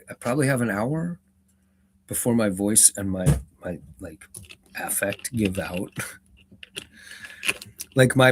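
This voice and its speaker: Rough-voiced man reading aloud on stream. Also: fairly low pitch, a little hiss or hum. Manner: chatty and self-deprecating, with fillers. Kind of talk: live-stream book reading and chat.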